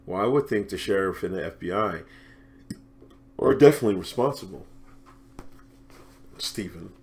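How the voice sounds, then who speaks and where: A man giving casual reaction commentary on a vlog, animated and slangy, laughing often as he talks. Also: deep voice, normal speed. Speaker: commentary vlogger.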